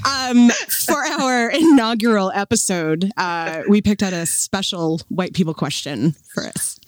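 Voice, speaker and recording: A woman co-hosting a casual podcast chat, thoughtful and pausing to find her words. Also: medium pitch. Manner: thoughtful, pauses to find words, laughs often. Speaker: podcast co-host.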